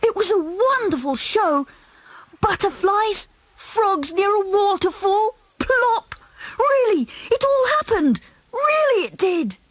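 A woman playing an excitable little boy bear from a storybook tape, with a very high voice that leaps up and down. He talks slowly and insistently, breathless with wonder. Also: no room sound, heavily acted. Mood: excited. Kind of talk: storybook cassette acting.

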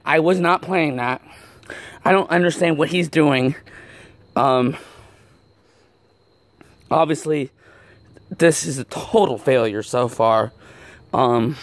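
A man's voice: on the high side, no room sound. An actor playing a nervous, out-of-shape man who rambles apologetically while vlogging outdoors, out of breath. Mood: dejected. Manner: apologetic, rambling, with many ums. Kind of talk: film acting as a self-filmed video log. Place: outdoors, walking near an apartment complex.

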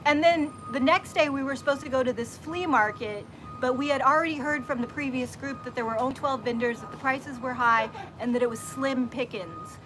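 A high-pitched woman hosts a relaxed chat and tells a story with lots of energy, playing out each quoted line herself. The recording carries clear background noise. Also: brisk. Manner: animated storyteller acting out quotes. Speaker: host. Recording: background noise from a nearby worker.

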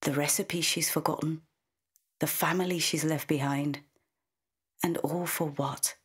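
Low-voiced, husky woman narrating a story. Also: fairly even intonation, measured pace. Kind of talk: scripted narration.

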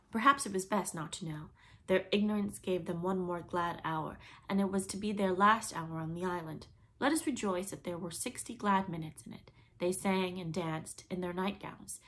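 A woman's voice: on the low side, fairly bright tone. Woman reading a storybook aloud. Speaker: audiobook reader. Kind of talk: storybook narration.

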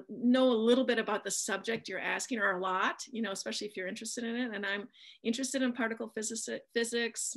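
Chatty middle-aged woman telling a story. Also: medium pitch. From Midwestern United States. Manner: chatty, animated anecdote-telling with frequent ums. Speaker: author guest. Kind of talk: casual interview storytelling.

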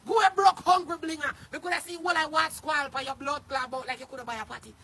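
Shouting high-voiced Jamaican man. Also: steady tone, fast, a little hiss or hum. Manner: loud, cursing, often shouting. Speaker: social media personality. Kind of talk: angry livestream rant.

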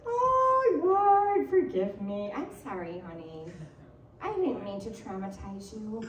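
Speaking slowly in a slightly high voice, a middle-aged woman pastor delivers a sermon in a church sanctuary. Her storytelling is animated and playful, full of laughter, and the distant mic picks up a roomy church echo.

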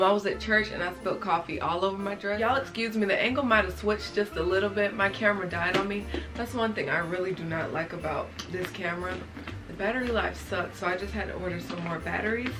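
A young woman showing what's in her bag to her viewers, chatty and casual, calling them y'all. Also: mid-range voice. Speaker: beauty vlogger. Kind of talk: casual show-and-tell vlog.

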